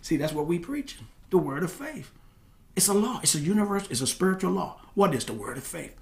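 Preaching man with a higher voice. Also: sing-song, brisk, creaky. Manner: swings between loud exclamations and soft asides, asks the congregation questions. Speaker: pastor. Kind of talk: sermon.

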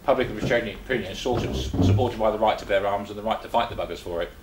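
A man's voice: fairly low pitch, fast, echoey room, very noisy. An older man from England giving a chatty talk to a small group, full of rhetorical questions and restarts. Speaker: presenter. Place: meeting room.

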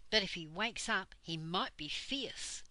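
Older lady doing a bold little girl, raised and bright. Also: mid-range voice, animated, a little slow, no echo, rough recording. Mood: eager.

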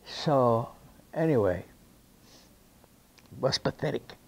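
Mellow Cuban-accented man telling stories. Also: mid-range voice, slow pace, vocal fry. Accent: Cuban Spanish. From Cuba. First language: Spanish. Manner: lively raconteur who acts out the people he quotes. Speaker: interviewee, actor. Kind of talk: anecdotal storytelling interview.

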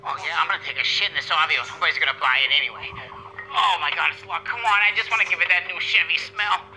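A man's voice: a little high, fast, sharp tone, a little hiss or hum, rough recording. A young man in a comedy sketch, rambling in a panicked, whiny, crude way.

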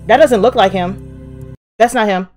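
Brief: woman host, salty reaction commentary, soft music bed underneath. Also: medium pitch, measured pace. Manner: profane, emphatic, talks back to the show. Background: drama audio playing underneath.

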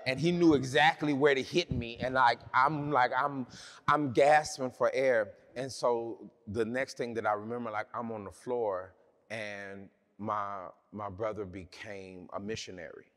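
A man delivers a sermon built around a personal story. He talks in a loose, chatty way and often stops to restart a sentence. His speaking voice sits at an ordinary male pitch. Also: fairly even intonation, measured pace, a bit bright. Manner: conversational, humorous storytelling with many restarts. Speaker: preacher.

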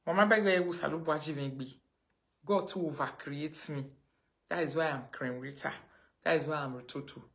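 A woman with a Nigerian accent chats with her fans on a live video, recorded on a phone. Her voice is bright and forward, and she tells stories in lively pidgin with frequent laughter. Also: sits low, normal speed, gravelly. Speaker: social media live streamer.

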